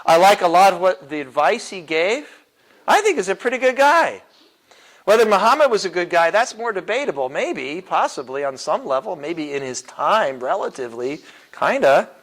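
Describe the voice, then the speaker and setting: A man with a slightly high voice leads a church classroom lesson. He talks loosely and often chuckles, with plenty of fillers and false starts as he works through his points. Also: sing-song, moderate pace, a bit bright, rough recording. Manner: casual and chuckling, many fillers and restarts. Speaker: apologetics teacher. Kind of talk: classroom lecture.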